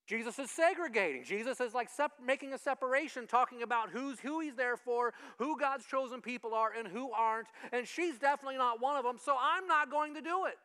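A male pastor giving a conversational sermon, lively and acting out the voices he quotes. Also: very high-pitched, a little fast, hardly any pauses, clean tone. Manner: animated, acts out quoted voices.

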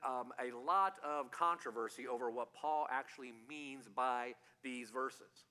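A man's voice: mid-range voice, bright, forceful tone. A man preaching a conversational sermon, repeating key phrases and asking the audience rhetorical questions. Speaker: pastor. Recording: long hall reverb.

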